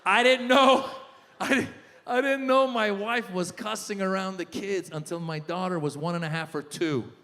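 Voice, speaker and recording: A middle-aged man performing a stand-up comedy set, telling animated stories and shouting in character voices. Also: sits high, moderate pace, some chatter behind. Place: large live venue. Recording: live hall with long reverb.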